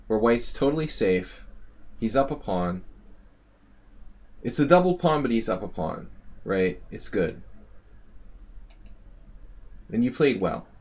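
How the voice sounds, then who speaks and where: A middle-aged man with a low voice talks through a chess game on a live stream. He speaks casually into a desk mic, thinks aloud and corrects himself as he goes. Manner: thinking aloud, quick corrections, chatty asides. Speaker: chess coach analyzing subscriber games.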